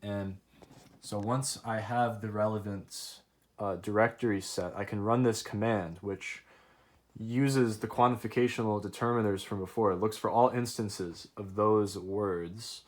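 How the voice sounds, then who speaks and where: A young man giving an academic presentation, thoughtful and a little hesitant, with fillers as he explains his research. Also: fairly low pitch. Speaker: student presenter.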